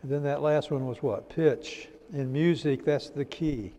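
Mellow-voiced man lecturing in a reverberant hall. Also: on the high side. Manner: repeats key terms slowly for note-taking; folksy, drops in "amen" and "praise the Lord". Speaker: instructor in a church teacher-training class. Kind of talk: classroom lecture with church asides.

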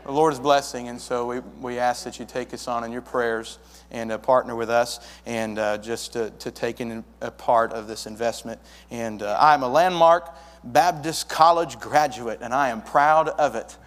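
Young guy giving a folksy church testimony, middle pitch, big echoey sanctuary. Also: fairly even intonation, moderate pace, a bit bright. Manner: folksy storytelling, acts out dialogue. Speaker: church planter pastor. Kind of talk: testimony to a congregation. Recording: long hall reverb.

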